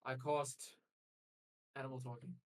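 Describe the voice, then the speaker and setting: A man's voice: medium pitch, flat delivery, a little slow, a little mellow, poor audio. A young man playing a druid in a tabletop game, hesitant and joking, with many fillers. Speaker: player.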